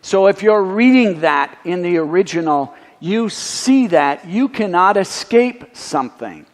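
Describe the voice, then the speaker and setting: A man's voice: sits high, animated, measured pace. A man, a pastor, giving a teaching sermon that explains Greek words, with wry little asides. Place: church sanctuary. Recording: long church reverb.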